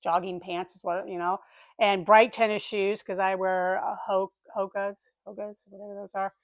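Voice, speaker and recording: An older woman chatting casually on her vlog, telling a story in an animated way and acting out the voices of the people and animals in it. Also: medium pitch, normal speed, no room sound. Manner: animated, acts out voices of dogs and neighbors. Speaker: vlogger.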